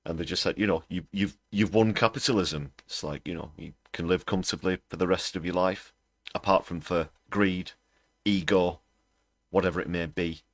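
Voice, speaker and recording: A man's voice: deep voice, steady tone, normal speed, no room sound, studio quality. A man hosting a livestream, giving scornful, sarcastic political commentary. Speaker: livestream host.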